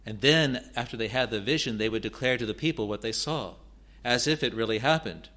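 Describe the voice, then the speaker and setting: Working through Bible verses, a man speaks in a medium-pitched, bright voice with a forceful tone. His teaching is halting, full of restarts and repeated words, and his readings of scripture grow steadily more emphatic.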